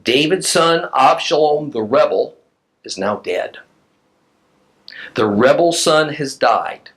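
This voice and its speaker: A man's voice: medium pitch, lively intonation, slow, a bit bright, poor audio. A man teaching a recorded Bible class who reads scripture aloud and explains it emphatically to his listeners.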